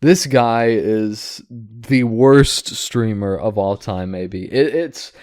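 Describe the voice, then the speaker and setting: A man's voice: fairly low pitch, takes it slowly, darkish tone, dry recording. Dry-voiced man ranting in commentary. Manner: ranting, disapproving, filler-heavy with "like" and restarts. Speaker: commentary host. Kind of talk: casual reaction commentary.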